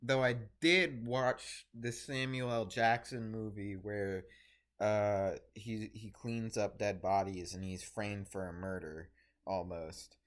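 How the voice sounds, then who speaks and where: A man's voice: fairly low pitch, fairly even intonation, slow pace. A young man talking to camera in a rambling, easily distracted solo vlog, casually swearing and interrupting himself. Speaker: vlogger.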